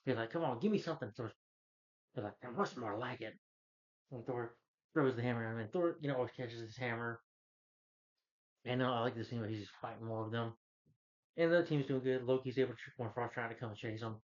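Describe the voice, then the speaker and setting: A man's voice: mid-range voice, fairly even intonation, quick pace, long pauses, lo-fi sound. Man rambling through a movie recap. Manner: rambling, loose retelling full of "like" and "you know". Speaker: movie reviewer. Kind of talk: casual plot recap.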